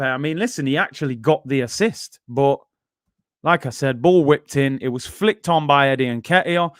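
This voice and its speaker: A man's voice: mid-range voice, moderate pace, no room sound, studio quality. A man hosting a fan football channel, chatting animatedly through goal replays and often addressing viewers as "people". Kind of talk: casual fan commentary over match replays.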